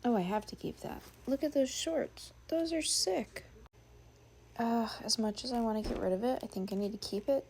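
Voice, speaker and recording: A woman chatting casually as she sorts through her things, musing and thinking aloud, sometimes dropping to a soft whisper. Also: fairly high pitch, brisk, gravelly, hardly any pauses, breathy edge. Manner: drops to a soft whisper at times. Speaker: sewing vlogger. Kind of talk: casual narration while sorting.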